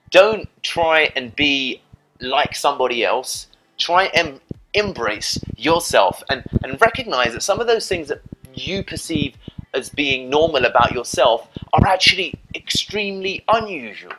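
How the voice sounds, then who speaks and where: A man's voice: fairly high pitch, big pitch swings, measured pace, noisy background. A man giving dating advice in a casual, rambling monologue to camera, often adding "you know" and "right?". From Britain.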